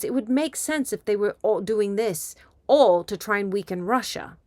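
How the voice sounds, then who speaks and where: A woman's voice: mid-range voice, dry recording. Woman riffing on politics, dry close sound. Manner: rambling and animated, with asides and impressions. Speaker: comedian and commentator. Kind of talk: casual political commentary monologue.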